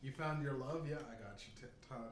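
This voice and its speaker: A man in casual podcast chat, asking quick teasing questions and swearing freely. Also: medium pitch, far from the mic. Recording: roomy room with faint background hum.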